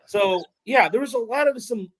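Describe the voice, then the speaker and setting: A man's voice: extremely high pitch, normal speed, dry recording, low-quality recording. A man hosting a casual sports podcast, rambling through stories with lots of restarts and fillers. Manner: rambling, many restarts and fillers, excited storytelling. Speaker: podcast host.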